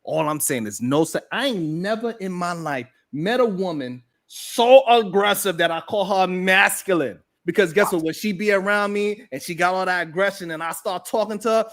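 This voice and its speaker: A woman's voice: fairly low pitch, moderate pace, few pauses. A woman co-hosting a heated casual debate, talking in a brash, profane, argumentative way.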